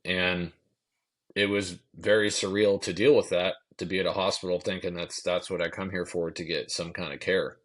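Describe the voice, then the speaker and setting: Deep-voiced man telling a story casually. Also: normal speed. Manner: animated storyteller acting out quotes, swearing casually. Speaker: podcast guest.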